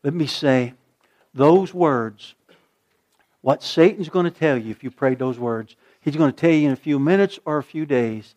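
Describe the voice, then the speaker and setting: A male pastor preaching a sermon, swinging from loud emphatic lines to a hushed, slow prayer. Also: on the high side.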